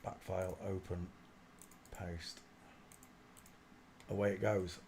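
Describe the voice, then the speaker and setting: A man hosting a casual livestream, commenting while he searches through images, often muttering quietly to himself and breaking into loud laughing outbursts. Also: low voice, little pitch movement, takes it slowly, slight background noise. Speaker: livestream host.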